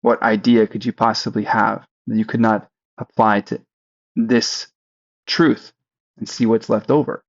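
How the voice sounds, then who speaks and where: A man leading a guided spiritual practice, speaking slowly and deliberately and asking listeners to repeat phrases after him. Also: on the low side, little pitch movement, gravelly, dull audio. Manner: slow, deliberate, leads repetitions. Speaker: spiritual teacher. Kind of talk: guided meditation teaching.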